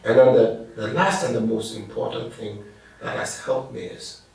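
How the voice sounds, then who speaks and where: A man's voice: fairly low pitch, wildly swooping pitch, normal speed, gravelly, darkish tone. A middle-aged man, a pastor telling stories and laughing as he answers interview questions. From Ghana. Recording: echoey room, distant mic.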